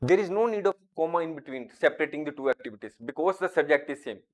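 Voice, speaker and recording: A man with a somewhat high voice teaches a grammar lesson. He talks deliberately and draws out each example sentence as he reads it aloud. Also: lively intonation.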